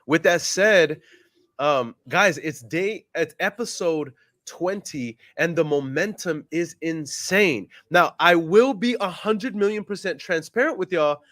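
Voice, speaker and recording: A man's voice: fairly high pitch, unhurried, a bit bright, no room sound, clean studio sound. A man hosting a casual vlog, talking upbeat and polite on a sales call, then joking with a friend. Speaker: real estate investor and vlog host. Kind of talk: casual phone call and chat.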